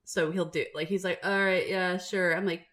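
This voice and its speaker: Bright-voiced woman chatting on a podcast. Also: fairly low pitch, moderate pace. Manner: animated storytelling, laughs often. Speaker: podcast co-host. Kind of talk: casual chat.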